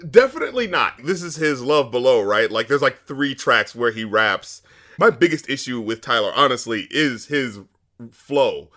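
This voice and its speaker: A man co-hosting a casual music review chat, excitable, swearing often and filling with "like" and "uh". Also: mid-range voice, normal speed. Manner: excitable, swears a lot, many fillers. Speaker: music review podcast co-host.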